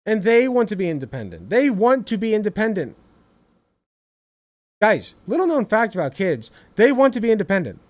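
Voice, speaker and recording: A man with a high voice that swings wildly up and down, ranting through reaction commentary. He swears freely and sounds exasperated, bursting out loud and then dropping low. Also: moderate pace. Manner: animated, profane, exasperated ranting. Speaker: streamer reacting to a clip.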